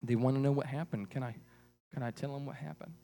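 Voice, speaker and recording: A man leading a children's church puppet show, animated and coaxing as he tells a story to the kids. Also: medium pitch, fast talker, gravelly, a little hiss or hum.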